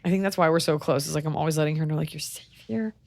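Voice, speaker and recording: A woman hosting a podcast, chatting casually with wry, deadpan jokes. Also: sits low, rapid-fire, vocal fry, dry recording. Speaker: comedian podcast host. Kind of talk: casual chat.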